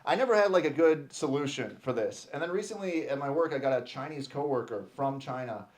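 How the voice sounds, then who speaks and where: A man in his thirties from Texas doing a stand-up comedy set on a club stage, animated and playing out little voices. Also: mid-range voice, brisk.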